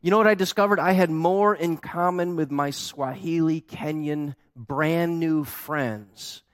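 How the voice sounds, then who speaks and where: A man preaching a sermon as pastor, telling a story with lively acted-out quotes. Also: on the high side, a little slow, no echo, clean studio sound.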